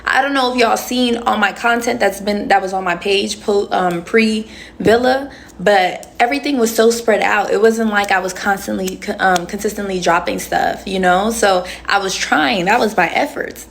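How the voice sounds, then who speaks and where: A woman's voice: mid-range voice, moderate pace, gravelly, slight background noise. A young woman in her twenties hosting a casual livestream, chatting and answering comments with slangy asides into a phone. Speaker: livestream host.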